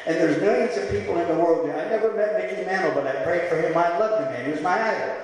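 A man preaching a sermon as pastor in a church, impassioned, swinging from quiet, gentle stretches to shouting. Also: high-pitched, fast talker. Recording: echoey hall.

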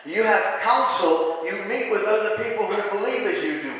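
A man preaching a sermon, animated and talking back and forth with his congregation. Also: sits high, moderate pace, heavy reverb, in a large hall, rough recording. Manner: animated, asks the congregation questions and answers them. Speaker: pastor.

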